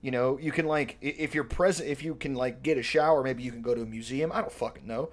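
A man on a casual podcast, telling stories in a rambling, profane, animated way. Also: mid-range voice, fast. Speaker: podcast co-host. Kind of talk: casual comedic chat.

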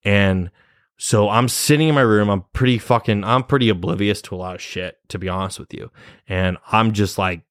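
A man's voice: fairly low pitch, normal speed, no room sound, clean studio sound. A young man telling a personal story in a rambling, casual way, cursing often and laughing nervously. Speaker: vlogger.

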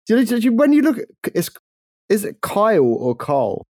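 A man's voice: sits high, huge pitch swings, normal speed, darkish tone, dry recording. A tired man co-hosting a podcast in casual chat, laughing often and swearing. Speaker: podcast co-host.

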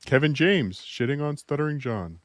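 A man's voice: mid-range voice, lively intonation, moderate pace, dry recording. A man from Minnesota co-hosting a podcast, chatting in a dry, wry, laid-back way. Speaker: podcast co-host. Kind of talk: casual chat.

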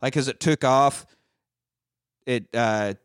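A man's voice: medium pitch, slow pace, smooth, no echo, studio quality. A man casually recapping a movie with a friend, rambling and swearing freely, breaking into quoted lines. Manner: rambling, profane, quotes lines in silly voices. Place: lives in Austin.

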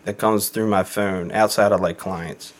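Steady in tone and a little slow, this lowish-voiced man is a podcast guest in recovery who has kids. His casual chat is candid and rambling, packed with fillers and now and then a curse.

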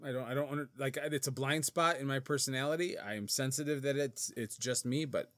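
A middle-aged man trading casual jokes on a podcast, laughing a lot and knocking himself down. His voice is bright and forward, recorded dry and close with no room sound. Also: medium pitch, steady tone, a little fast, no room sound. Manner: laughs often, self-deprecating. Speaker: podcast co-host. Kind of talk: casual banter.

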